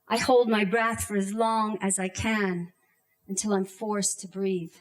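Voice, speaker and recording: A Canadian woman in her thirties tells a personal story on stage, her mid-range voice fairly even in intonation. She speaks slowly and deliberately, using dramatic pauses and acting out shouts.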